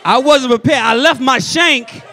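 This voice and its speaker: A man with a New York accent doing a stand-up set, telling family stories in a lively way and acting out the people in them with loud punchlines. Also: very high voice, a little slow, gravelly, some chatter behind. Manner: animated storytelling, loud punchlines, acts out family members. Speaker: stand-up comedian. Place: comedy stage before a live audience. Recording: audience laughter behind.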